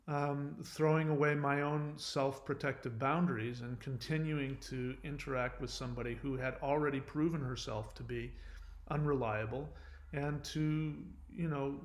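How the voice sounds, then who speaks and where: A man's voice: medium pitch, slight background noise. Earnest man rambling through a confession. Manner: rambling, frequent "you know" fillers and restarts. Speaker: channel host. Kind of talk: candid monologue answering viewer comments.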